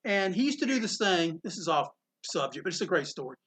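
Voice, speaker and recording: A man's voice: high-pitched, brisk, slightly rough. A middle-aged man from North Carolina, a comic shop owner, telling anecdotes in a casual interview and acting out the quotes. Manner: animated anecdotes with acted-out quotes. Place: inside his comic shop.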